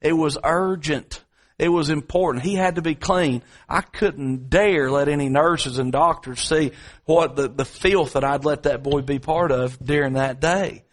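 A man preaching a sermon, telling a story from home and then building to repetitive, dramatic appeals with slow, drawn-out emphasis. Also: on the high side. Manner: dramatic preaching, swings between drawn-out emphasis and quick asides; repetitive, rhetorical delivery.

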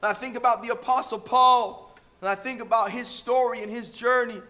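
A male pastor preaching with fervor, his voice pitched very high and bright. He keeps calling out to the congregation and slips into bits of hymns as he goes. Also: fairly even intonation, fairly quick. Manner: fervent, repeatedly calls out to the congregation; breaks into snatches of hymns. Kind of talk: sermon.

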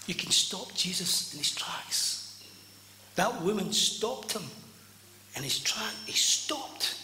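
A man preaches a healing sermon with a bright, high voice, slow and deliberate in his delivery. He climbs to fervent shouts and sinks to hushed whispers. The sound rings with the long reverb of a church hall. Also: sing-song, a little hiss or hum. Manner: rising to loud fervent cries, then dropping to hushed whispers.

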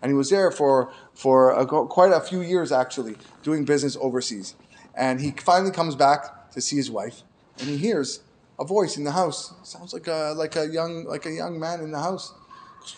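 A man with a fairly high voice, teaching a Torah lesson. He tells stories and drops in Hebrew terms, and his voice rises and gets louder when he drives a point home. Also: brisk. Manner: storytelling, grows emphatic and louder when making points; frequent restarts and fillers, sprinkled with Hebrew terms. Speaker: rabbi.

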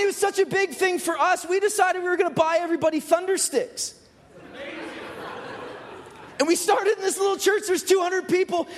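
A man preaching a lively sermon, joking with the congregation and often asking rhetorical questions. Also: very high-pitched. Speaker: pastor. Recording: hall with long reverb.

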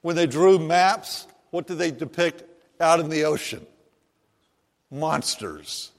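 A man preaching a sermon, talking slowly and deliberately in a slightly higher voice. His words ring out in a church sanctuary with a long, lingering reverb. He reads the scripture first and then explains it in a lively, conversational way. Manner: slow and animated, voicing the disciples and Jesus in quoted lines. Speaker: pastor. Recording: long reverb of a large hall.

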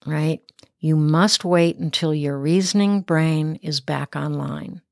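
A woman's voice: fairly low pitch, no echo, studio quality. A middle-aged woman hosting a parenting show, giving earnest, emphatic advice and checking in with "right?". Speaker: parenting podcast host. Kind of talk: instructive monologue.

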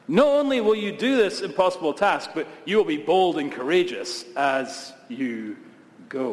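Pastor preaching in a reverberant hall. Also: male voice, fairly high pitch. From Scotland. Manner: emphatic, repetitive cadences with humorous asides. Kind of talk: sermon. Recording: long reverb of a large hall.

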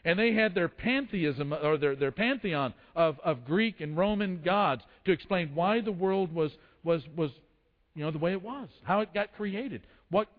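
A man's voice: sits high, lively intonation, normal speed. A man preaching a sermon, telling the story with acted quotes and frequent restarts. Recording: dull lo-fi sound in a long-reverb hall.

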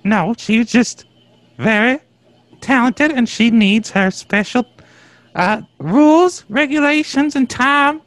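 Very high-voiced, mock-indignant man. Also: slow pace, fairly bright tone, dry recording. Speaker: co-host. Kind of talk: comedic podcast bit. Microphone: call audio.

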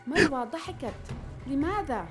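A terrified young woman pleads in a high, hushed voice, as a man acts her out. She rattles the words off very fast in a horror audio drama, with faint music underneath. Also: very animated, heavily acted. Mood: frightened. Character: terrified young female migrant.

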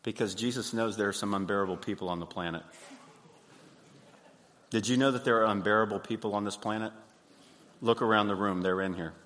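A man, preaching a sermon in a folksy, animated way. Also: on the low side, a little fast, pauses often. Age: 50s. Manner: folksy, animated, acts out little scenes. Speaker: pastor. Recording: hall reverb.

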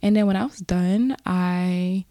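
A woman hosts a casual motivational podcast, speaking earnestly and encouragingly to her listeners. Her voice is warm and mellow, and she often wanders into rambling asides. The sound is dry and close, with no room echo. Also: lowish voice, steady tone, measured pace. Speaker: podcast host.

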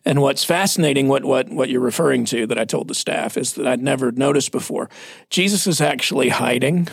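Man in his 40s, pastor, gravelly voice, husky, casual storytelling, dry close sound. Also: medium pitch, a little fast, no room sound. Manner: storytelling, plainspoken, self-deprecating. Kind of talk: casual church podcast conversation.

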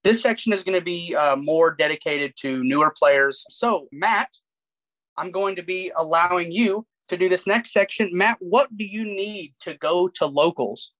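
A man's voice: high voice, normal speed, a bit bright, rough recording. A young man co-hosting a podcast, telling self-deprecating stories in a casual chat with lots of restarts. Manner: rambling, self-deprecating storytelling with frequent restarts. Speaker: podcast co-host.

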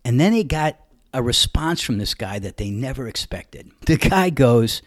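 A man with a New York accent telling a funny story in a casual, animated way, laughing now and then as he goes. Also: mid-range voice, normal speed, no echo, clean studio sound.

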